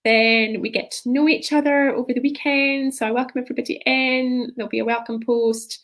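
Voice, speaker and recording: A woman's voice: fairly high pitch, steady tone, brisk, fairly bright tone. A woman leadership coach talking on a live stream in a loose, rambling way, often tagging her sentences with "right?".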